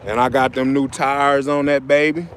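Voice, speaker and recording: A man's voice: medium pitch, level tone, moderate pace, slight background noise. Rambling man chatting on a livestream. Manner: loose, rambling, repeats himself. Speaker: livestream host. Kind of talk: casual livestream chat.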